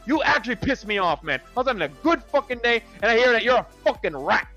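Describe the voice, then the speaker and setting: A man's voice: extremely high pitch, big pitch swings, fast talker, sharp tone, muffled recording, faint music behind. A man ranting angrily in a voice chat argument, swearing heavily and hurling insults. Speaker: voice chat participant.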